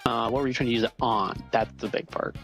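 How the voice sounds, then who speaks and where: A man with a gravelly, creaky voice rattles off his explanation quickly, tripping over and repeating words. Music plays clearly behind the voice chat. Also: medium pitch, fairly even intonation, a bit bright. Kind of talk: casual gaming chat.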